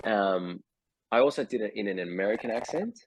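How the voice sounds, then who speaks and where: A man's voice: fairly low pitch, lively intonation, a little fast, a little hiss or hum. A man in his forties with an Australian accent, a guest actor telling stories in a casual video-call interview, hesitant with many fillers.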